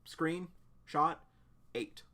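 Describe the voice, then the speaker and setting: Excitable man reacting to a webcomic. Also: fairly high pitch, extremely slow. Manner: excitable, many fillers like "like". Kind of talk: casual live reaction, reading aloud.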